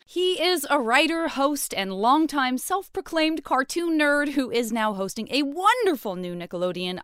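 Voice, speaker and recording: A woman hosting a podcast, introducing guests in a playful, animated way. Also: fairly high pitch, clear, resonant tone, no room sound, clean studio sound. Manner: playful, animated, pauses for comic effect. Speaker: podcast host. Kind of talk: casual podcast chat.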